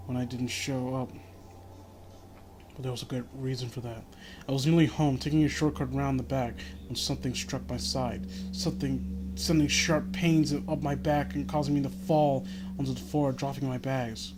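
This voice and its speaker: A man's voice: medium pitch, fairly even intonation, moderate pace. A man reading an amateur horror story in the first person, breaking off for wry offhand asides. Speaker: reader of a horror fan story. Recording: noisy home recording.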